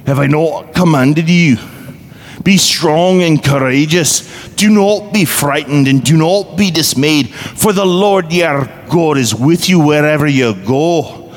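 A man putting on a stagy accented scripture reciter. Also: takes it slowly. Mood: solemn, playful. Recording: echoey hall, faint rumble.

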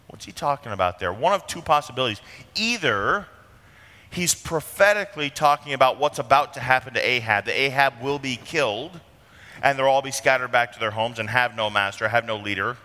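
A man preaching a sermon with earnest emphasis, slowing down on key phrases. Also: mid-range voice, sharp tone. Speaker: pastor. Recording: long reverb of a large hall.

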